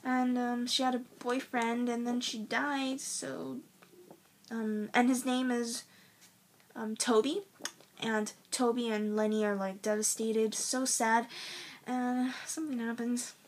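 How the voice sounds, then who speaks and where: A woman's voice: fairly high pitch, level tone, slow, slight background noise. A teenage girl recommending her favorite books in a rambling, gushing way, full of ums and likes. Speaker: book vlogger. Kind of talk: casual book recommendation vlog.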